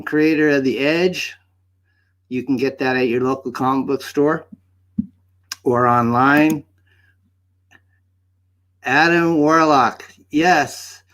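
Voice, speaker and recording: A man's voice: mid-range voice, natural voice. A man playing a goofy mustached alter-ego of a livestream host, chatty and rambling in a made-up accent. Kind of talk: hosting an open-mic livestream. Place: home studio set.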